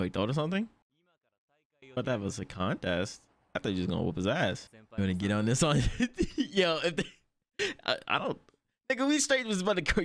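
Lively, excitable man reacting. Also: on the high side. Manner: excitable, laughs often, heavy slang and swearing. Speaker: anime reaction host. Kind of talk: casual reaction commentary.

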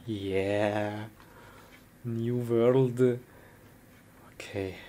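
A woman with a low voice talks to herself through a comedy skit, slowly and in short excitable bursts. Her pitch swings widely between lines, and she laughs often. A steady hiss of noise sits under the recording. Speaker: comic actor in a skit. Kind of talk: acted comedy skit with game talk. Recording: noisy recording.

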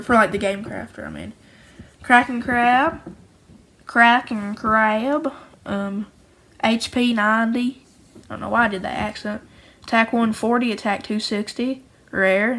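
A woman's voice: medium pitch, a bit bright, slight background noise, poor audio. A woman who makes her own card game, casually and cheerfully going through each card, rambling and often restarting her sentences. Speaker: homemade card game creator.

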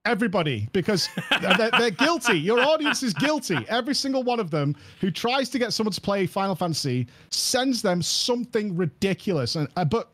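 A man guesting on a podcast, telling a story in an animated, emphatic way and laughing often. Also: sits high, a little fast, hardly any pauses. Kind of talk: casual podcast chat.

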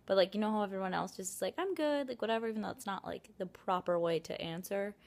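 A woman's voice: mid-range voice, steady tone, quick pace, gravelly, darkish tone. Rambling young woman vlogging at home. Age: young adult. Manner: rambling, frequent "like", self-mocking complaints. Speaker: vlogger, college student. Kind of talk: casual vlog chat. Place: apartment, indoors.

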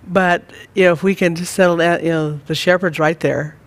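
A man leading a church Bible study, talking gently and rambling with many fillers. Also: a little high, fairly even intonation, a little fast. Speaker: church teacher.

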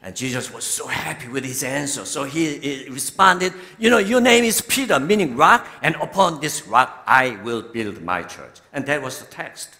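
Korean-accented older man preaching. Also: mid-range voice. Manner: warm storytelling, laughing often, slow and deliberate. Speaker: bishop. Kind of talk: sermon. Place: large church sanctuary. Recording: long hall reverb from a church.

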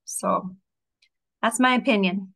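Woman, panelist, candid, self-deprecating, middle pitch. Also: takes it slowly, creaky, fairly bright tone. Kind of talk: panel discussion.

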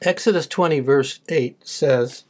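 A man's voice: medium pitch, unhurried, a little hiss or hum. A man giving a sermon, reading Bible verses aloud and then explaining them in plain words. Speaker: preacher.

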